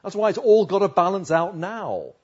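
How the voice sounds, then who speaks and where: A man's voice: sits high, big pitch swings, normal speed, a little mellow, husky, highs cut off. A man preaching a sermon, reading scripture verses aloud and then explaining them in a conversational way.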